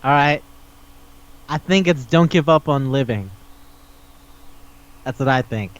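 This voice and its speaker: A man co-hosting a podcast, ranting in disbelief with rapid questions and lots of swearing. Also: medium pitch, expressive, lo-fi sound. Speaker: podcast co-host. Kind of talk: casual chat.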